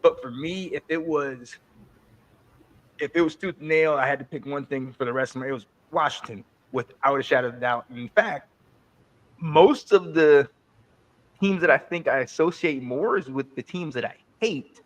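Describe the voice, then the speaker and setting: A man in his forties from North Carolina tells animated sports stories in a slightly high voice. He co-hosts a podcast in a loose, casual chat, often stumbling over and repeating words. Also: moderate pace. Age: 40s. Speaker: podcast co-host.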